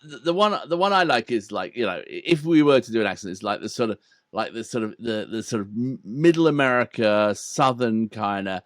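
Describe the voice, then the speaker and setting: An English man co-hosting a casual chat, teasing his partner with dry humour. His pitch moves up and down a lot, and the sound is close and dry. His voice sits at an ordinary middle pitch. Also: expressive, fairly quick, dry recording. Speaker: co-host of a music reaction channel.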